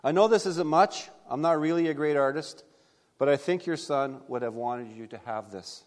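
A grateful young soldier, voiced by a male preacher who speaks humbly and earnestly, in a voice a little higher than most men's. A long hall reverb follows his words. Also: moderate pace, natural voice. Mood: humble.

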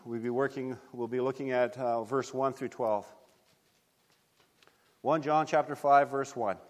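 A man's voice: medium pitch, a little slow, big-room sound. A man preaching a sermon, telling a story earnestly and reading scripture aloud. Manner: earnest, steady storytelling with small restarts. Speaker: pastor.

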